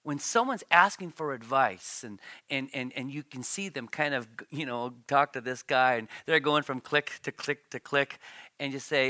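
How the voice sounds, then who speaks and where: Middle-aged male pastor, lively sermon delivery, bright forceful tone, dry close sound. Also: medium pitch, normal speed, dry recording. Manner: animated preaching, voice climbing when storytelling.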